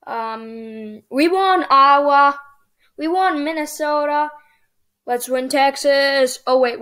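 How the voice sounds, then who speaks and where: Woman host, high pitch, excitable running commentary over a strategy game. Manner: excitable, thinking aloud while playing. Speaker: gaming channel host. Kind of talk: casual gameplay commentary.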